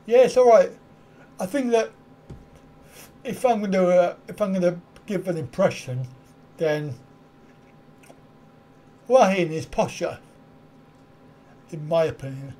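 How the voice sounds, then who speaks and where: Slow, mellow-voiced host chuckling. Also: male voice, high-pitched. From United Kingdom. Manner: chuckles often, wry, self-mocking asides. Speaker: live stream host. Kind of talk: casual live stream chat reacting to viewer comments.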